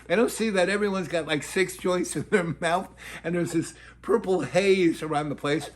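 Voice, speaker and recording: Speaking at a moderate pace in a high-pitched voice, an older storyteller wanders through a lengthy, digressive tale, casually acting out quotes by doing voices for its characters.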